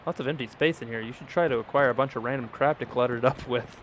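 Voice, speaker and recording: A man's voice: mid-range voice, fast, few pauses, a little hiss or hum. A man playing a video game who reads its dialogue aloud, joking and swearing between lines. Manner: reads dialogue in mock old English, swears, jokes. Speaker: gaming YouTuber. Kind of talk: let's play commentary, reading game text aloud.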